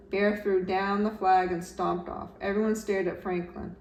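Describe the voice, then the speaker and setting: A woman, a teacher, reading a children's storybook aloud with gentle, expressive narration. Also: medium pitch, normal speed. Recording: roomy echo, slightly distant mic, faint background noise.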